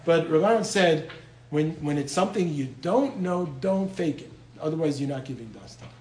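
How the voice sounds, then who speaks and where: A man's voice: on the high side, animated, brisk, darkish tone. Man teaching in an echoey room. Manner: conversational, repeats words, mixes in Hebrew and Yiddish terms. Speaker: lecturer on Jewish law and medical ethics. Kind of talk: informal Torah lecture.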